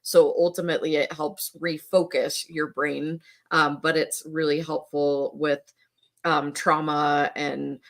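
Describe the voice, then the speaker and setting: Middle-aged woman guest with a lowish voice, chatty and loose, fillers everywhere. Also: unhurried. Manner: conversational, filler-heavy, animated when quoting her son. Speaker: podcast guest. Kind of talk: casual conversation.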